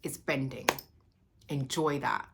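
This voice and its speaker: A woman's voice: very deep voice, steady tone, slow pace, creaky, background noise. A woman giving a casual motivational talk to camera, affectionate and reassuring, calling the listener sweetheart. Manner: affectionate, calls the viewer sweetheart and darling; emphatic, reassuring, spiritual. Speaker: vlogger giving encouragement.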